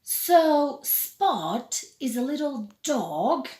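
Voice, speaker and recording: High-voiced woman in an echoey room. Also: big pitch swings. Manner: gentle, slow, addressing children. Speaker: English teacher. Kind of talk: storytelling for young children. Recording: roomy echo, distant from the mic.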